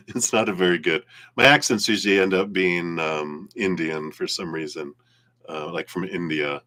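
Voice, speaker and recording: A man's voice: sits low, moderate pace, pushed and bright. A man giving a casual live-stream tarot reading, rambling and laughing easily. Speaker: tarot reader.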